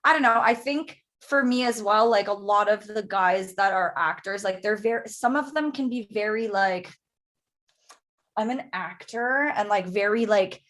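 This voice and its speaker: A woman's voice: mid-range voice, normal speed, few pauses, a bit bright. A young woman from Canada, chatting casually as a podcast guest, with lots of fillers and acted-out quotes.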